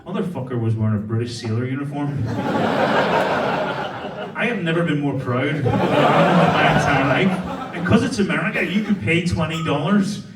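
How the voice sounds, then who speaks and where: With a fairly high voice and a slightly fast delivery, a young man from Ireland swears his way through a stand-up set, chatting with a laughing club crowd and laughing at his own jokes in a brash manner. The mic is distant, the sound roomy and very noisy.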